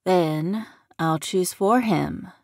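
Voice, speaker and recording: Audiobook villain: woman narrator doing a commanding middle-aged male shifter, measured and dry. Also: lowish voice, a little mellow, no echo, exaggerated voice. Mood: cool threat.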